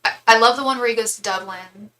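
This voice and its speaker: A woman's voice: a little high, quick pace, pushed and bright, rough recording. A young woman hosting a casual live stream from home, chatty and rambling, full of "like.". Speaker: tarot reader and live-stream host.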